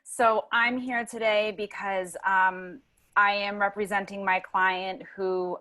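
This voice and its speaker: A woman's voice: medium pitch, little pitch movement, slow, pushed and bright. A woman improvising a comedy scene in a rambling, filler-heavy manner. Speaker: improv player.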